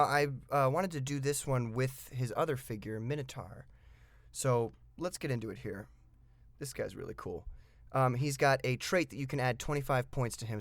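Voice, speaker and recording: A man's voice: mid-range voice, no echo. Chatty man reviewing game pieces, dry sound. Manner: chatty and enthusiastic, with frequent fillers; reads game rules aloud, then comments on them. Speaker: tabletop miniatures game reviewer. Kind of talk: casual hobby review.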